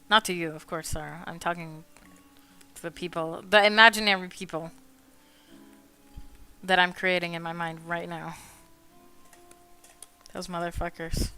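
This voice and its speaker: Woman, casual stream chatter, crisp bright voice, cheeky swearing, light music behind. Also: fairly low pitch, unhurried, long pauses. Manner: swears freely, laughs often, mock-indignant rants. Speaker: artist streaming while drawing. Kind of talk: casual chat.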